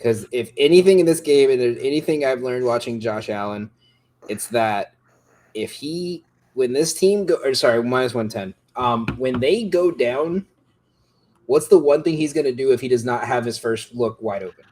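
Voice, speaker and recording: A man's voice: mid-range voice, moderate pace, darkish tone. A man co-hosting a sports betting podcast, casual and joking. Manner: joking, riffing. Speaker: podcast co-host.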